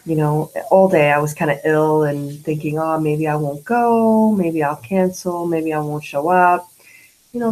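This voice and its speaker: A woman in her late forties with a low voice talks through a personal diary vlog. She is candid and slangy, shifting between lively retellings and soft reflection. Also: low-quality recording. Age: 40s. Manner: candid, slangy, animated when retelling, hushed when grieving. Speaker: vlogger.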